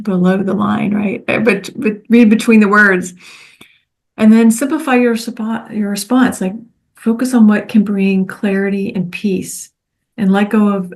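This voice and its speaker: A woman co-facilitator giving a guided teaching talk in a gentle, soft-spoken, reflective way. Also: medium pitch, vocal fry.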